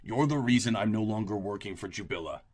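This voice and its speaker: A man voicing a guarded young man, a former bodyguard who speaks in terse, measured lines. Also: fairly low pitch, animated, darkish tone. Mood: earnest.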